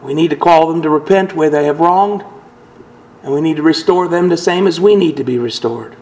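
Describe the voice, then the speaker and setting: A man with a somewhat high voice preaches a sermon to his congregation. He speaks earnestly and measured, and he gives the scripture quotations a dramatic lift. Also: a little mellow, low-quality recording. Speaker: pastor.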